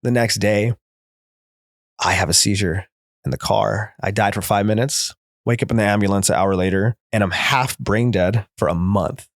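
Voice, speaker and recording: A man with a fairly low voice shares his own story as an interview guest, earnest and candid. He tells events in quick present-tense bursts. The sound is dry and close. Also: steady tone, no echo. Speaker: guest, therapist in recovery.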